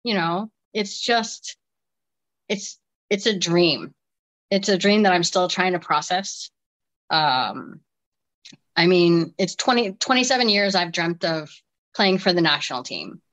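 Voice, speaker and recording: Lively woman in her forties, telling a story. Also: lowish voice, takes it slowly, pauses often, poor audio. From United States. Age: 40s. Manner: animated storyteller with frequent restarts and laughs. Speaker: interview guest, deaf national team soccer player. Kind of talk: casual interview chat.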